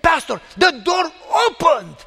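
An earnest, eager churchwoman, as a preacher puts her on, pleading in a very high, raised voice. Her words ring out with a long hall reverb behind them. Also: sing-song, unhurried, gravelly, sharp tone, shouting, exaggerated voice. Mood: excited.

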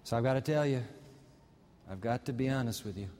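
A man's voice: medium pitch, darkish tone, in a large hall, slight background noise. Man preaching with dramatic storytelling. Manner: dramatic storytelling, slowing down for emphasis. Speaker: pastor. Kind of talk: sermon.

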